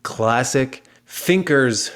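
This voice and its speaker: A man's voice: mid-range voice, drawn-out words, fairly bright tone. A man with an American accent hosting a podcast in a casual, upbeat, joking way. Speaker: podcast host.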